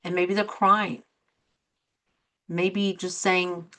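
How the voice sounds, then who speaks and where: A woman's voice: lowish voice, unhurried. A middle-aged woman hosting a talk show as a coach, speaking earnestly and acting out quoted reactions in her examples. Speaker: host and coach. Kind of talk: motivational talk show monologue.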